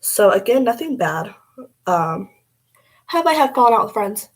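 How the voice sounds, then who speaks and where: A woman's voice: mid-range voice, big pitch swings, normal speed, rough recording. A young woman vlogging casually as she does her makeup, blunt and rambling, swearing freely.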